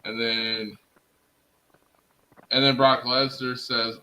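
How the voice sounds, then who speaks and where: An excitable man hosts a casual stream, talking straight to his viewers. His voice is very bright and sharp at a middling pitch, with a faint hiss underneath. He gushes and rambles, dropping "freaking" into almost every line. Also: slow, pauses often, low-quality recording. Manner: enthusiastic, fills speech with "freaking". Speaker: host of a wrestling recap stream. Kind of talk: casual chat. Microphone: streaming setup, talking to chat.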